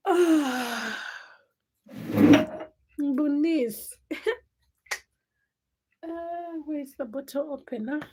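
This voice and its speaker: A woman's voice: high-pitched, very slow, pauses often, noisy background. A young woman hosting a casual late-night livestream, chatting and teasing viewers by name as she reads their comments. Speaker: livestream host.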